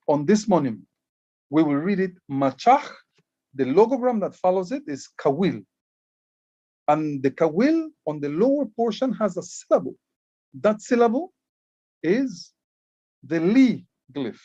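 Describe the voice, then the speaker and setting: A man's voice: sits high, warm tone, no room sound, highs cut off. A man from Belize, giving an explanatory conference talk as a Maya writing educator, often repeating words as he starts a phrase. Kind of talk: conference presentation.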